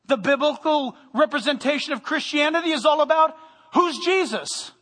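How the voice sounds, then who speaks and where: A male pastor preaching a lively sermon to his congregation, joking with them and sometimes raising his voice. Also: very high-pitched, normal speed, in a large hall. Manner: animated preaching with humor, sometimes loud. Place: church sanctuary.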